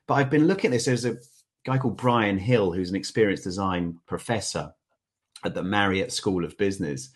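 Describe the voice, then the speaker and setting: A man talking as a podcast guest, telling lively stories and laughing often in a loose, conversational way. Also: fairly low pitch, a little fast, breathy edge. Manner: animated storyteller, laughs often. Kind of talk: conversational interview.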